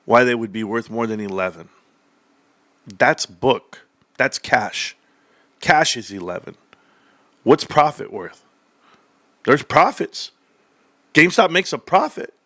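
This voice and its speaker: A young man hosting a livestream, talking straight to his viewers in an animated, sarcastic rant. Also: mid-range voice, slow, long pauses, dry recording. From California, United States. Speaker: livestream host. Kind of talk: casual stock-talk livestream rant.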